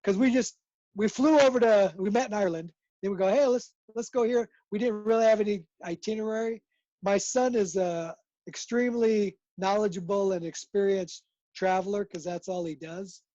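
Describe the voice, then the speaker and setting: A man's voice: high-pitched, mellow, dry recording, lo-fi sound. A man chatting as a guest on a video call, rambling and restarting his sentences often. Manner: rambling, halting with many restarts. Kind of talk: casual video call chat.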